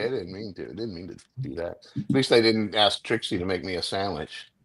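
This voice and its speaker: Low, lively rambling man co-hosting. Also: a little fast, breathy edge. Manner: rambling, joking. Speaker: co-host. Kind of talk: casual chat on a livestream.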